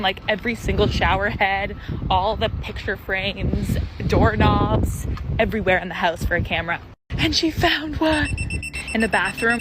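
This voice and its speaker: Chatty woman with background noise. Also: medium pitch. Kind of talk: casual storytime.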